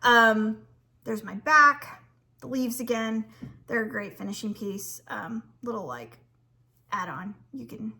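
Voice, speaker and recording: A woman's voice: fairly high pitch, takes it slowly, sharp tone. A woman who designs fabric and runs a shop, chatting casually to viewers with frequent ums and restarts.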